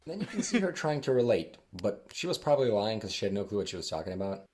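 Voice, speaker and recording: A young man from Switzerland tells a casual story in a very deep voice. He is sarcastic and mockingly imitates the people he quotes. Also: big pitch swings, fast talker, a little mellow, slight background noise. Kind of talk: casual anecdote.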